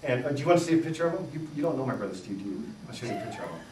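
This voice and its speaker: Lively man telling funny stories. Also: medium pitch, very fast, reverberant, far from the mic, a little hiss or hum, rough recording. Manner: animated storytelling with self-mocking jokes. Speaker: speaker. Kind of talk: humorous live talk. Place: live event room with audience.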